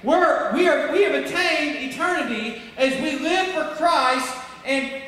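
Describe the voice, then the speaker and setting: A man preaching a sermon to his church, emphatic and full of rhetorical questions, swinging between loud peaks and hushed stretches. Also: very high-pitched, measured pace. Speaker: pastor. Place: church sanctuary. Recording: echoey hall from far off, faint noise.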